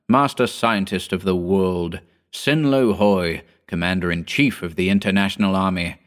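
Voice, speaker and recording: A man reading a cold, deep alien overlord's decree. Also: natural voice. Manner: commanding, coldly formal decree.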